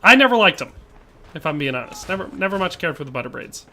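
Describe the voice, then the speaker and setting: A man's voice: sits high, big pitch swings, fast, bright, forceful tone, slight background noise. A man, chatting casually and rambling with jokes while streaming a game and reading chat aloud. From Wisconsin, USA.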